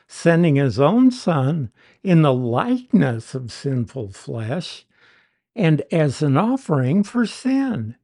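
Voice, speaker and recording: A preacher giving an expository Bible teaching sermon, deliberate and emphatic, leaning hard on key words. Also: medium pitch, warm tone.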